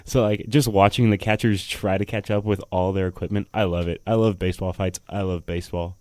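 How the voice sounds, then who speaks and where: A young man co-hosting a casual sports podcast with a lowish voice, recorded close and dry. He gushes and swears freely about what he loves and hates. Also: steady tone, a little fast, darkish tone, dry recording. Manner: enthusiastic, blunt and profane. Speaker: podcast co-host.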